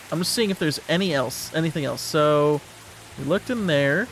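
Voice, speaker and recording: A man's voice: on the high side, expressive, moderate pace, fairly bright tone, slight background noise. Young man muttering game commentary. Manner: offhand, muttering asides with swearing. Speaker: streamer. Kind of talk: casual let's-play commentary.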